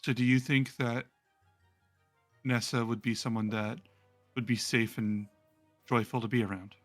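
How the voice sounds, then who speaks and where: A man voicing a gentle, courteous male centaur noble in a tabletop game, speaking softly and slowly. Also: mid-range voice, steady tone, faint music behind, pitched below the performer's own voice, close to an everyday voice. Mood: earnest.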